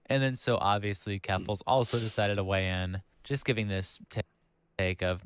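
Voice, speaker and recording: A man with a low voice narrates a commentary video, reading out quoted messages and adding sarcastic jabs. The sound is dry and close, with no room echo. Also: clear, resonant tone. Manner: sarcastic, reads quotes aloud.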